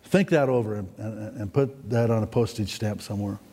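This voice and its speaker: A man preaching a sermon in a folksy, rambling way, often climbing to excited, emphatic peaks. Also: on the low side, fairly quick. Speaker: pastor. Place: church sanctuary. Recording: long hall reverb in a church.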